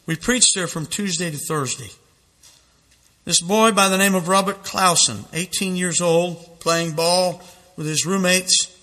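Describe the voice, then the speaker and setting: A man's voice: a little high, pushed and bright, in a large hall. A man preaching a fiery sermon, dramatic and intense, reading quotations aloud with mounting feeling. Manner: dramatic, reads quotes aloud with rising intensity. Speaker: street preacher.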